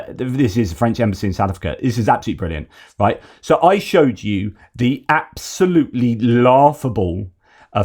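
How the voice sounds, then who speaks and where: A man hosts an unscripted news commentary, speaking at a middling pitch for a man. He talks loosely and opinionatedly, working his points out as he goes. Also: darkish tone. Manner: conversational and opinionated, thinking aloud. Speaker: host of a news commentary channel.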